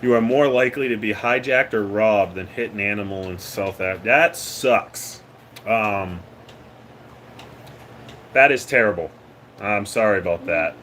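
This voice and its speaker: A man's voice: on the low side, a little slow, long pauses, a bit bright, slight background noise. A man from Maine, hosting a casual livestream chat, joking and laughing often and letting his sentences trail off. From Maine, USA. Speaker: livestream host. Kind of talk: casual live chat with viewers.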